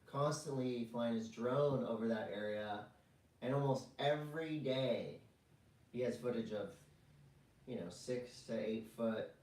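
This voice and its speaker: A man's voice: mid-range voice, unhurried. Jokey man, roomy distant sound. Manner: jokey, rambling, deadpan asides. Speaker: podcast co-host. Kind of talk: casual chat.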